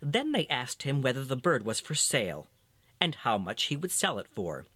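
A narrator reading a fairy tale aloud with expressive storytelling. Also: moderate pace, husky, no room sound. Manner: expressive storytelling, varied in pitch.

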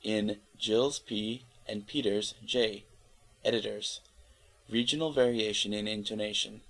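A man reading an encyclopedia article aloud in a steady, careful way, spelling out letters where needed. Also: on the low side, measured pace, poor audio. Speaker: volunteer reader of an encyclopedia article. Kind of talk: read-aloud article narration.

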